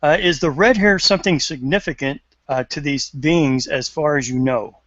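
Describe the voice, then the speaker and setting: Halting male host reading questions. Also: fairly high pitch, a bit bright, no room sound. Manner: halting, many fillers. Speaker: live show host. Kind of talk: casual chat, reading viewer questions. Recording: dry, dull stream audio.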